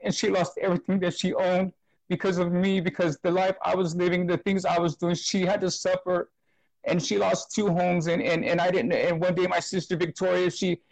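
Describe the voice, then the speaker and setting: A man with a fairly high voice shares an emotional personal testimony in an interview. He talks earnestly, stumbling, repeating words and restarting his sentences. The sound is close and dry with no room echo. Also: flat delivery, normal speed, creaky, darkish tone. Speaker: interview guest sharing testimony.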